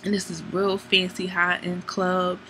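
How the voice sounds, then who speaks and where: A woman's voice: on the low side, monotone, unhurried, pushed and bright, slight background noise. Chatty, profane young woman. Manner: chatty, profane, laughing storyteller. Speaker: vlogger. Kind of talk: casual movie recap.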